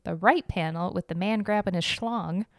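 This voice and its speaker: A woman's voice: fairly low pitch, normal speed, dry recording, studio quality. A young woman with a Midwestern American accent, hosting a casual art history podcast with a chatty, giggly, self-deprecating manner. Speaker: podcast host.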